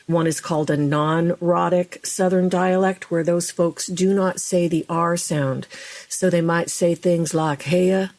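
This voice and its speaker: A middle-aged woman, a speech and dialect coach, explaining in a lively, chatty way as a podcast guest. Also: on the low side, unhurried.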